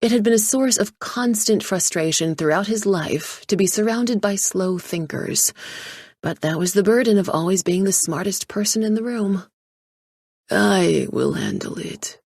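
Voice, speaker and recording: A woman narrating a thriller audiobook in a measured storytelling style, close to the mic. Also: mid-range voice, darkish tone, breathy edge, no room sound.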